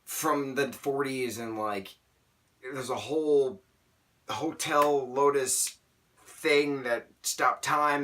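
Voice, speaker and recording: Young man, book review vlog, rambling, excitable, stammering restarts, bright voice, slightly distant mic. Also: medium pitch, takes it slowly.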